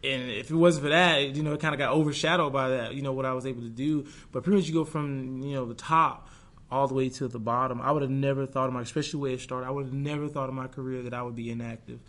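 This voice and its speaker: A man's voice: mid-range voice, steady tone, quick pace, a bit bright. A young man, a guest in an interview, talking earnestly and reflectively about a hard stretch of his career, with many restarts and quoted inner thoughts. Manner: acts out his own past thoughts in quoted asides. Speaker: guest, pro football player. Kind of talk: candid conversational interview.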